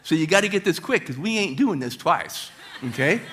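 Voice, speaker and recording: A man voicing a brash, swaggering helicopter pilot who talks loud and fast. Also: fairly high pitch, expressive. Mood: cocky. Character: brash daredevil male helicopter pilot, cocky.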